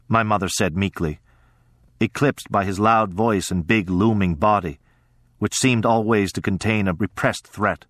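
A low-pitched man narrates a first-person story in a measured, steady audiobook reading. The sound is close and dry, with no room echo. His delivery stays even and unhurried.

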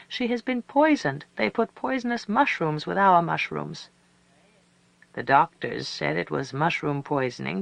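A storyteller reading a story aloud in a measured way, slowing down for emphasis. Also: medium pitch, creaky, no echo, rough recording. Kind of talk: scripted narration of a story.

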